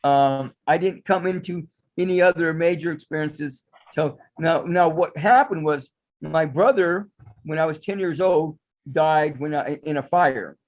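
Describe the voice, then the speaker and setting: Rambling man with a higher voice. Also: a little slow, muffled recording. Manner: rambling, meandering storytelling. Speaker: guest, psychic astrologer. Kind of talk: casual interview storytelling.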